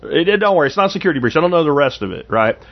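This fifties-aged man hosts a podcast, casually rambling through anecdotes with frequent restarts. He talks very fast in a gravelly, sing-song voice that sits a little high, and the audio is dull.

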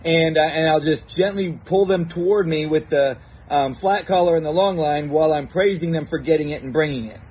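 A man who trains dogs, calmly explaining a routine step by step and acting out his commands in a bright, praising tone. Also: on the high side, a little fast, dull audio, a little hiss or hum. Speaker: dog trainer. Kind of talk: recorded instructional segment.

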